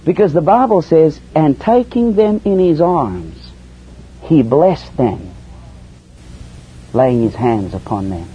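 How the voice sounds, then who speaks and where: A man preaching a sermon, dropping to hushed lows and rising to soaring, emphatic highs. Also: expressive, slow pace, long pauses, breathy edge. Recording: dull lo-fi sermon recording with faint hiss.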